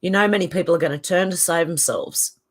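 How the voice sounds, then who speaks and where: A woman's voice: lowish voice, quick pace. A middle-aged Australian woman hosting a casual livestream, reading viewer comments aloud in a chatty, opinionated way. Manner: chatty and opinionated, laughs often. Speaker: channel host.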